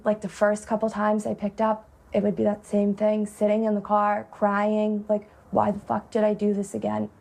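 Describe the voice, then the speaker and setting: This is a young woman from Massachusetts speaking openly in a documentary interview. Her voice sits at an ordinary pitch with a gravelly fry running through it. She talks casually, leaning on "like" as a filler. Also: a little mellow. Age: 20s. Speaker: interviewee in recovery. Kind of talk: candid interview.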